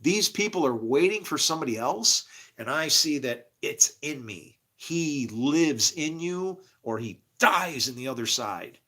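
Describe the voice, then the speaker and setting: A man delivers a rambling religious monologue at a measured pace, with lively intonation. He swings from low mumbles to shouting and laughs to himself.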